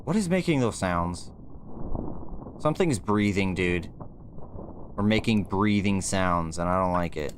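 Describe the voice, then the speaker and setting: A man's voice: low-pitched, animated, a little slow, long pauses, a little hiss or hum. A young man streaming a game, talking nervously to himself and his chat and swearing as he plays. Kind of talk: gaming livestream commentary.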